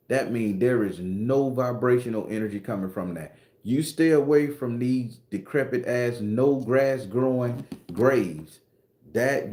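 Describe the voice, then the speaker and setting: A man's voice: medium pitch, a little mellow, reverberant. A man from Florida, hosting a casual livestream chat with loose, profane slang and jokes. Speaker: host and spooky storyteller.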